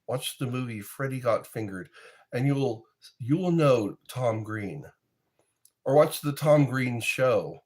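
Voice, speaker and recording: A middle-aged man, chatting casually and rambling between topics. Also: medium pitch. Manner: rambling, sings snippets and quotes in goofy voices. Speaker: streamer chatting with viewers. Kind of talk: casual chat.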